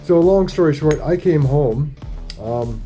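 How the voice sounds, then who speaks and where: A man's voice: a little high, animated, measured pace, dark tone, soft background music. A man telling a rambling, profane story in a casual vlog. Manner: profane, rambling, laid-back. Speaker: vlogger.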